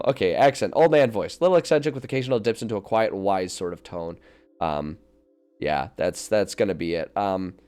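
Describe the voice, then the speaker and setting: A young man streaming, thinking aloud in a casual, rambling way with frequent laughs and filler words into a desk mic. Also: low-pitched. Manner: animated and rambling, laughs often, many fillers. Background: faint music.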